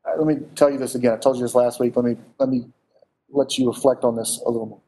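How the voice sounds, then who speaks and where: Male preacher, mellow and warm tone, lively conversational sermon delivery with rhetorical questions. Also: medium pitch, quick pace.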